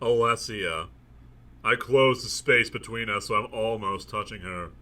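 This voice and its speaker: In a comedic reading of a novel, a male host with a fairly low, pushed and bright voice reads passages aloud at normal speed. He hams up the text in a mock-dramatic way and breaks off for jokey commentary.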